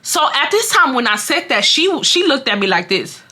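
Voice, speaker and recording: This young woman from Texas tells her story in a voice that sits high and swings wildly up and down. Her tone is bright and sharp, and she talks in a dramatic, profane way, speaking straight to her viewers. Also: big pitch swings, moderate pace. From Houston, Texas. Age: 20s. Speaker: storytime vlogger. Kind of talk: casual storytelling.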